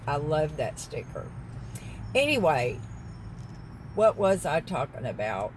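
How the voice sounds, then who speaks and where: Sitting in her parked car in a parking lot, a woman vlogger with a low voice chats slowly but very animatedly, drifting off on tangents partway through her story. The audio is poor, carrying a little hiss or hum.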